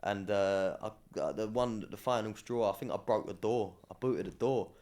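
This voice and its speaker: A young man, telling stories in a slangy, cheeky, animated way during a casual podcast chat. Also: on the low side, normal speed. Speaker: podcast guest, former academy footballer.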